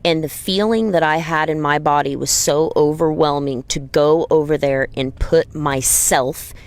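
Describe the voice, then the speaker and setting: Woman vlogger with a low voice, earnest and emphatic personal storytelling to camera. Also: measured pace. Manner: earnest, emphatic, acts out gentle high-pitched pleas. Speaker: dog trainer and video creator.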